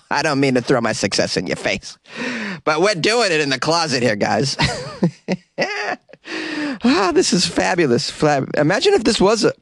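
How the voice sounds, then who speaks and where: A man hosts his comedy podcast from a tiny closet studio, talking off the cuff and joking. His voice leaps up high when he hits a punchline. The sound is dry and close, with no room around it. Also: no echo. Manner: jokey, animated, voice often jumps high for punchlines. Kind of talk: casual improvised monologue.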